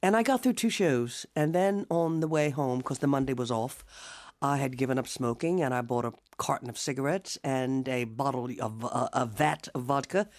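A woman's voice: very deep voice, normal speed. An older woman, a singer guesting on a radio show, chatting and telling stories with lots of laughter and acted-out voices. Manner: lively storyteller, acting out quoted voices; hearty frequent laughter. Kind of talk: casual radio interview.

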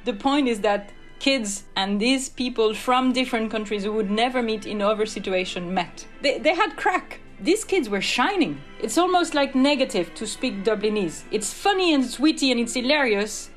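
A woman from France with a French accent, telling her story in an interview, animated and laughing easily. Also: on the high side, normal speed, soft background music. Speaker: interviewee, class organiser.

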